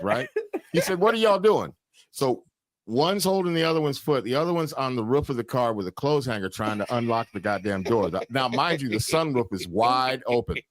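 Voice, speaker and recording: A man with a Chicago accent, mid-pitched, telling funny stories on a podcast and voicing the people in them. The recording is dry and close to the mic. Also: no echo. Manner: retells viral videos, acting out the people in them. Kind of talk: casual chat.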